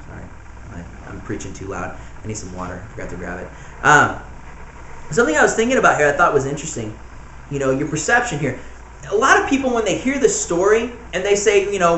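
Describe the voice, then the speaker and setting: Animated man preaching in an echoey room. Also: a little high. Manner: conversational, full of "you know" asides, chuckles. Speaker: home church preacher. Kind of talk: informal sermon, Bible study teaching. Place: small room in a house church. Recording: echoey room, faint background noise.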